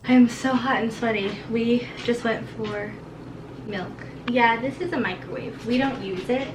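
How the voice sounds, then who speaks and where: A young woman and mother with a sick, hoarse voice, chatting casually and rambling through a home vlog, full of "like". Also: on the high side, a little slow, distant mic. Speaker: vlogger and mother. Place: home kitchen and garden. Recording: roomy, off-mic, household noise.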